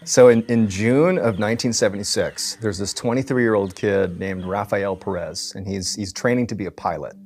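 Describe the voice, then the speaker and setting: A man's voice: on the low side, moderate pace, hardly any pauses, a little mellow. A man telling a strange story in a casual, conversational way, with many fillers.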